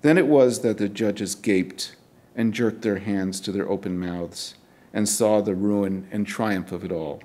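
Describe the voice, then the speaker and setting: A middle-aged poet reads his poems aloud at a university event, his lowish, slightly mellow voice measured and deliberate. Between poems he drops in casual remarks.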